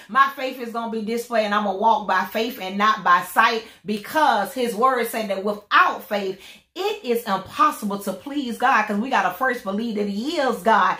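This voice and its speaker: A woman in some pain vlogs casually about her faith through illness, speaking in a repetitive, preachy way and singing out her catchphrase sign-off lines. Her voice is a little high and sharp, she talks a little fast, and the audio is reverberant.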